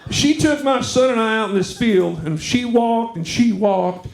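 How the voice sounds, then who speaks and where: A man's voice: extremely high pitch, measured pace, vocal fry. A man doing a stand-up comedy routine, teasing the audience with a drawl. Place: comedy club stage. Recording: echoey club room. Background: audience laughter.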